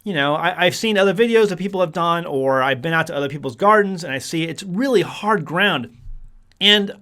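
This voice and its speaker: Man, high voice, lively rising and falling pitch, casual homestead vlog, rambling with fillers. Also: a little fast. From United States. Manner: rambling, restarts and fillers, chuckles often. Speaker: homesteading vlogger. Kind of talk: casual talk to camera.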